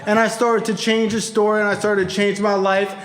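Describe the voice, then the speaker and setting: A man's voice: sits high, a little fast. A young man speaking to a convention crowd about his recovery, telling stories animatedly and swearing often. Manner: animated, acts out quoted voices, frequent swearing. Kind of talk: storytelling speech at a convention. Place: convention hall before a crowd.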